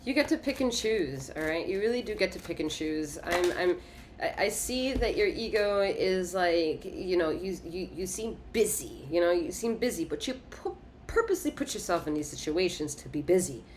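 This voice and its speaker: Woman, tarot reader, casual reading, lower voice, emphatic and repetitive, faint hiss behind. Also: animated, normal speed. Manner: emphatic, repetitive, swears and laughs often.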